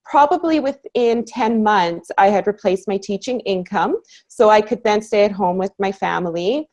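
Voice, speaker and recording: A woman in her thirties from Canada tells her own story as a call guest. Her voice sits at a middle pitch, and she speaks with earnest enthusiasm. She often slips in a "you know" and laughs easily. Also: normal speed, darkish tone. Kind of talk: personal story in casual conversation.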